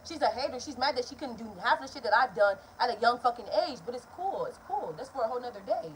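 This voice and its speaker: A young woman, telling a story in a casual vlog, animated and profane. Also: on the high side, quick pace, a little hiss or hum. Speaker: vlogger.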